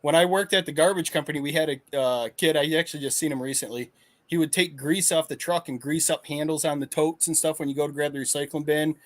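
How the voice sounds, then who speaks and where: A man's voice: on the high side, fairly even intonation, quick pace. A man in a casual podcast chat, recalling old job pranks in laid-back, crude banter.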